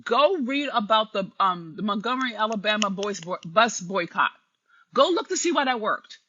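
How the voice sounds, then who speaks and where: A woman's voice: mid-range voice, animated, normal speed, a bit bright, a little hiss or hum. A woman giving an impassioned, preachy live stream monologue, speaking straight to her listeners. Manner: preachy, emphatic, addresses listeners directly. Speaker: commentator. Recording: dull lo-fi live stream audio.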